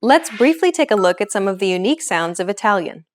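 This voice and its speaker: A woman hosting a language lesson, explaining pronunciation in clear, encouraging scripted narration. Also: medium pitch, sing-song, quick pace.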